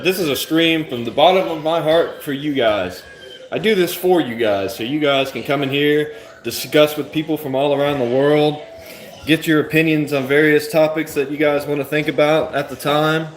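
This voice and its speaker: A man hosts an open chat stream, his voice sitting slightly high. He talks loosely and jokes around with his audience, and his sentences wander a bit. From Florida. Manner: joking, loose and rambling. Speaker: livestream host.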